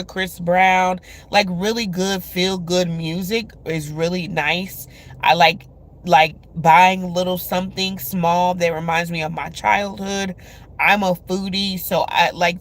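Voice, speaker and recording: A woman hosting a love reading, talking casually to her viewers with lots of filler words. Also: lowish voice. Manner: chatty, many filler words; speaks to viewers directly.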